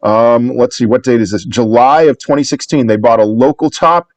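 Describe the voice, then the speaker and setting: A man talking through market charts in a casual video, upbeat and reassuring. He rambles, restarts words and corrects himself as he goes. His voice sits at an ordinary pitch and sounds dry and close. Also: steady tone, moderate pace, darkish tone, no room sound. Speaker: crypto market commentator.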